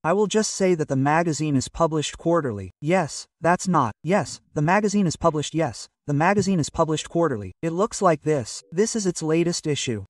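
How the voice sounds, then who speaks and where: A man's voice: a little high, animated, moderate pace, few pauses, no echo, studio quality, distant mic. An older man from Russia, a magazine publisher, talking in a hesitant, rambling way full of fillers in a casual interview.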